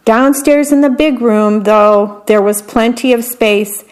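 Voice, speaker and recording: A woman's voice: a little high, a little slow. A woman reading a picture book aloud, stopping to comment on what each picture shows. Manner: adds chatty commentary on the pictures. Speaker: story reader.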